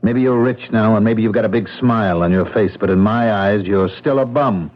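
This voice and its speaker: A man's voice: fairly low pitch, normal speed, close to an everyday voice. An actor playing a bitter, scornful older father who uses a wheelchair, in a radio drama. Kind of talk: 1970s radio drama acting. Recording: dull lo-fi old radio recording.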